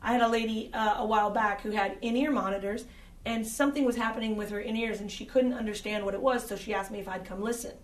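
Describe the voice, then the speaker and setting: A woman's voice: on the high side, steady tone, fast, roomy sound. Woman explaining sound from a distant mic. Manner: direct, conversational with frequent fillers. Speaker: audio engineer. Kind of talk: instructional talk.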